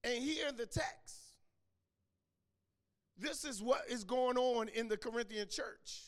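A man preaching a sermon in a church, repeating and restarting phrases, calling out members by name and rising to shouts. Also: very high voice, slow pace. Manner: repetitive stammering restarts, names congregants, builds to shouting. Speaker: pastor. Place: church sanctuary. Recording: long hall reverb.

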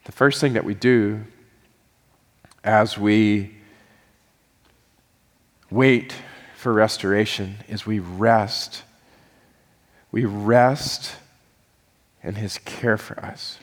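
A man's voice: fairly low pitch, steady tone, extremely slow, pauses often. Earnest male pastor in a reverberant hall. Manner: earnest, rising into fervent pleading prayer. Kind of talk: sermon.

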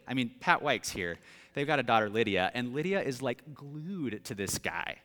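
Lively preaching man in a reverberant hall. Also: mid-range voice, normal speed. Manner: animated, self-deprecating, with laughs and acted-out quotes. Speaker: pastor. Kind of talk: storytelling sermon. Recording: long reverb in a large hall.

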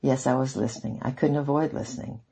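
A man's voice: medium pitch, steady tone, quick pace, creaky, warm tone, breathy edge. A man reading aloud, voicing a mother who exclaims in disbelief. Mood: astonished. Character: indignant, astonished mother.

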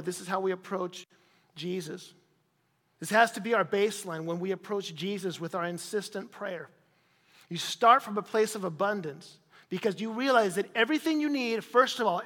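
A male pastor preaching an insistent sermon, repeating phrases and rising to sudden loud peaks. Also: high voice. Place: church hall. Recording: reverberant church hall.

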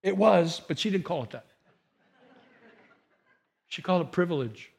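A middle-aged man preaching a personal, story-driven sermon, talking conversationally and moving between loud emphatic bursts and soft, hushed asides. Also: high voice, animated, normal speed, vocal fry, breathy edge. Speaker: pastor.

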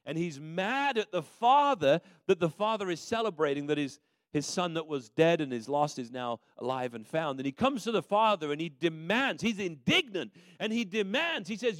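A man's voice: on the high side, big pitch swings, moderate pace, dry recording. A man preaching a sermon as a minister, telling a story in a conversational way with frequent restarts.

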